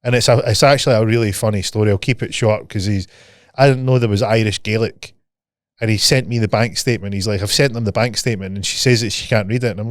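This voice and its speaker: Sweary, animated Scottish man. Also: lowish voice, fast talker, no echo. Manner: animated storyteller, swears freely, acts out dialogue. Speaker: podcast co-host. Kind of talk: casual chat, storytelling.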